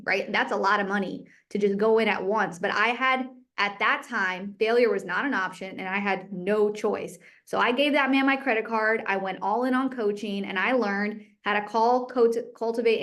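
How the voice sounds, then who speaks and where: Candid, energetic woman telling her story. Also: mid-range voice. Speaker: guest speaker, real estate agent. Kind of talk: motivational talk.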